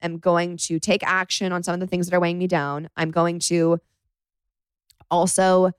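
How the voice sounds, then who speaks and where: A woman's voice: fairly low pitch, little pitch movement, moderate pace, smooth, no room sound. A young woman hosting a casual solo podcast from her bedroom, confiding and chatty, saying "like" a lot. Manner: chatty, confiding, says "like" often. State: emotional after crying. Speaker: podcast host.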